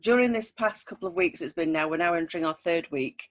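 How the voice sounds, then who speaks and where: A woman's voice: lowish voice, fast talker. A woman with a light northern English accent, hosting a casual interview chat with friendly, upbeat questions over a video call. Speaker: host.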